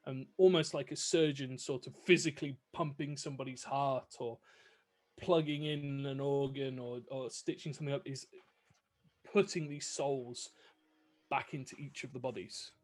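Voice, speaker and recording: A man's voice: mid-range voice, steady tone, moderate pace. A man narrating a tabletop game as game master, vivid with many fillers.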